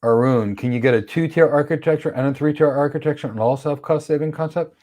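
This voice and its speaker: A man's voice: a little high, quick pace, a little mellow. A man teaching a cloud certification course on a livestream. He reads viewer questions aloud and answers them bluntly, with strong opinions and playful acted-out examples. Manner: acts out examples in playful voices.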